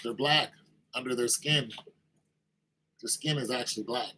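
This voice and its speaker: A man's voice: medium pitch, a little slow, sharp tone, slight background noise, poor audio. A man giving an informal sermon-style talk, conversational, acting out little exchanges with kids in raised voices.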